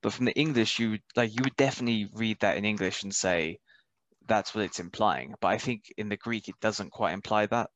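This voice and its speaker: A man's voice: lowish voice, brisk, fairly bright tone. A man in a casual Bible study discussion, thinking aloud and asking the teacher questions. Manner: thinks aloud with fillers and restarts.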